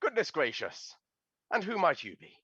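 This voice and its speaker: A man's voice: high-pitched, wildly swooping pitch, normal speed, bright, forceful tone, breathy edge, no room sound, pitched above the performer's own voice, exaggerated voice. A man voicing a tiny, very old male carnival host made of illusion, who talks in a polite, old-fashioned and enthusiastic way, recorded on a dull, slightly lo-fi mic. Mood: genteel.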